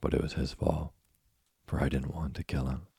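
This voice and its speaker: Deep-voiced guy doing a whiny hungry puppet boy, storybook, gravelly low voice. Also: steady tone, moderate pace, dark tone, dry recording, clean studio sound, full character voice. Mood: complaining. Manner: complaining, petulant.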